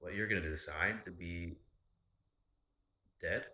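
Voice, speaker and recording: A man hosts a podcast in a low, deep voice that keeps a forceful, bright edge. His delivery is animated yet slow, and he rambles through casual chat, swearing freely.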